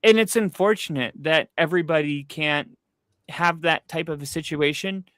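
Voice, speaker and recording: A man's voice: fairly high pitch, normal speed, no room sound. Rambling man telling stories, dry close mic. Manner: rambling, animated storyteller with frequent fillers. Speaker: podcast co-host. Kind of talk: casual storytelling chat. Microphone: streaming setup, close mic.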